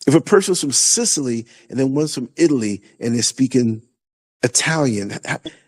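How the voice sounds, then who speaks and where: A man with a New York accent hosting a podcast, talking in a loose, animated way with lots of restarts. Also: mid-range voice, moderate pace. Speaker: podcast host. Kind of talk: casual conversation.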